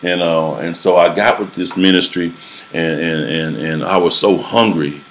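Deep-voiced preacher, halting and earnest. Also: male voice, steady tone, a bit bright, slight background noise. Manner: halting, repeats words often, earnest. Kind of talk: personal testimony in a casual interview.

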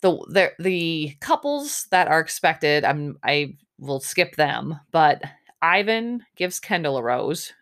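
Low-voiced woman giving a snarky recap. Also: big pitch swings, takes it slowly, fairly bright tone. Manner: chatty, snarky, opinionated. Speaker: podcast host. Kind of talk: casual reality show recap.

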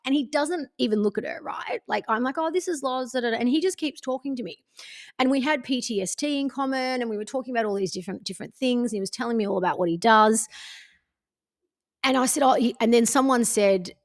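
A woman, hosting a podcast and candidly telling a personal story in casual chat, swearing freely. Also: fairly high pitch. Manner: candid and sweary, acts out friends' lines. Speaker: podcast host.

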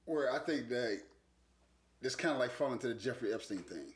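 A man in loose casual conversation who laughs a lot and often repeats himself. His pitch swings widely as he talks, and the room around him is echoey. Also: lively intonation, moderate pace, slight background noise. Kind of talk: casual chat.

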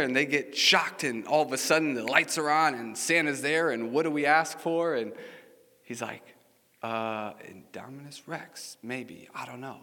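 Bright-voiced pastor in a reverberant hall. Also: male voice, a little high. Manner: storytelling, chatty, asks the audience questions. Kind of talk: casual conversational sermon. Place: church sanctuary with congregation. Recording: long reverb of a large hall.

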